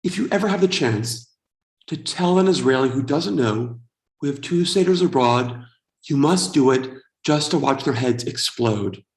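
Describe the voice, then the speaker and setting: A man's voice: mid-range voice, lively intonation, moderate pace, echoey room. A man in his forties from the United States, doing a wry, self-deprecating stand-up comedy set. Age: 40s.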